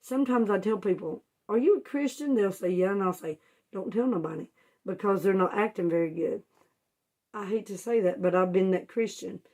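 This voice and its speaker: A woman's voice: mid-range voice, a little mellow. A woman teaching children a Bible story in homespun, informal words, asking them questions and answering them herself. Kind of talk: storytelling Bible lesson for kids.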